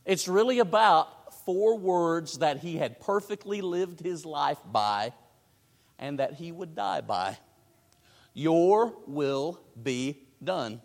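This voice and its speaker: A man preaching a sermon, swinging from hushed, drawn-out phrases to booming emphasis. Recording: long hall reverb.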